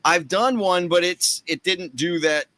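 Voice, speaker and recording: A man's voice: sits high, a little slow, sharp tone, dry recording. A man talking as a comedian guest on a podcast, casual and self-deprecating.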